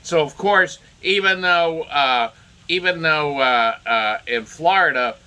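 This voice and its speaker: A man delivers opinionated solo commentary in a bright, forceful voice. He rambles and circles back, stacking up fillers and restarts as he grows indignant. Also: a little high, slow, smooth. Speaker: political commentator.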